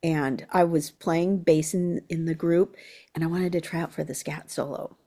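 Low-voiced woman telling stories. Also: normal speed. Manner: animated storyteller who acts out quotes. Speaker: guest musician. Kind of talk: interview anecdote.

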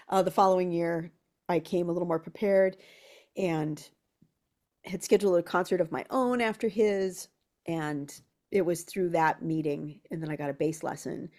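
Low-voiced woman telling stories. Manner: animated storyteller who acts out quotes. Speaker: guest musician. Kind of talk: interview anecdote.

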